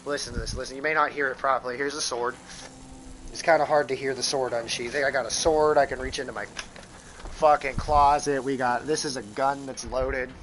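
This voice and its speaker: Brief: American streamer, profane rambling chat, sharp forward tone, desk mic. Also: male voice, medium pitch, steady tone, a little fast, a little hiss or hum, rough recording. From United States. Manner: rambling and profane, with frequent restarts. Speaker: live streamer. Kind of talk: casual gaming stream chat.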